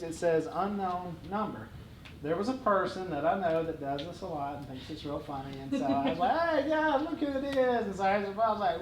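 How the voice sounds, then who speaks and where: A middle-aged man spins funny stories at an event, his voice pitched high and lively with laughter. He acts out each person in the tale with animated flair. The recording carries a roomy hall echo and a clear wash of room noise. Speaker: guest speaker. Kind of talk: comic storytelling on stage.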